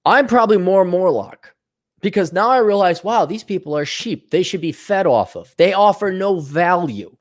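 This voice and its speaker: A man's voice: high voice, moderate pace. A man hosting a podcast, delivering a profane, sarcastic solo rant with scornful asides. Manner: animated, mocking voices in quotes. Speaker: podcast host. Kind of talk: ranting solo commentary.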